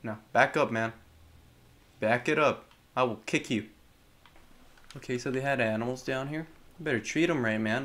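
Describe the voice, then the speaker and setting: A young man giving casual, joking commentary on a horror game, chatting to the characters and breaking into loud yelps. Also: medium pitch, moderate pace, long pauses. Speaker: gameplay commentator.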